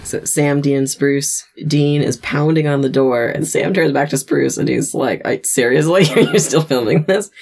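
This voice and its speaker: A woman's voice: sits low, moderate pace, hardly any pauses, darkish tone, breathy edge. A woman co-hosting a casual podcast who is thoughtful and laughs often while talking. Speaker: podcast co-host recapping a TV episode. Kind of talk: casual chat.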